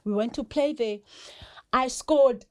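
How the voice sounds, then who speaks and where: A South African woman, a rugby player guesting on a podcast, telling lively stories and often breaking into laughter. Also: sits high, takes it slowly, dry recording. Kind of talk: casual storytelling chat.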